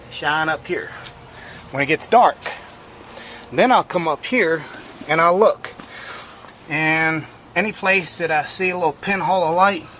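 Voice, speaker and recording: A man's voice: fairly high pitch, fairly bright tone, slight background noise. A man giving blunt, folksy workshop commentary on welding and truck repair, swearing casually as he works. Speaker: home mechanic showing welding work.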